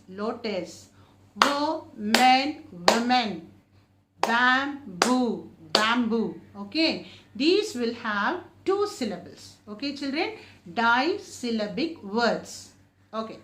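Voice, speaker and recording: Woman teacher for a children's English lesson, high and lively, drawn-out words, roomy echo. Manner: slow, drawn-out modelling of each word, often repeated; asks the class questions and answers them herself.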